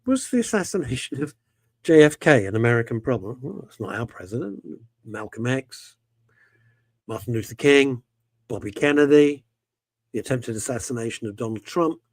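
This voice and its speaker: A man's voice: medium pitch, expressive, normal speed, dry recording. A man hosting a radio talk show, voicing his opinions with passion and a lot of emphatic repetition. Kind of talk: casual talk radio chat.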